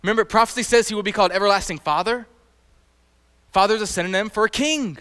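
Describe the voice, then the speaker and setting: Brief: male Bible teacher, fairly high voice, lively and chatty, long hall echo. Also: quick pace, clear, resonant tone. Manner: animated, conversational, quizzes the audience. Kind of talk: sermon.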